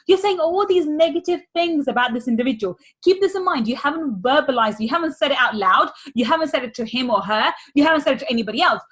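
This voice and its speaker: A woman's voice: high-pitched, animated, brisk, a bit bright. A woman money mindset coach teaching a workshop, repeating key phrases with energy.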